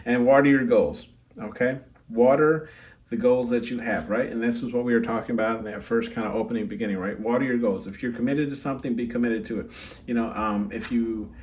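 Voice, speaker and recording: A man's voice: mid-range voice, darkish tone, recorded from a distance. A man giving a casual oracle card reading, chatty, peppering his talk with "right?" and "okay?". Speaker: tarot reader.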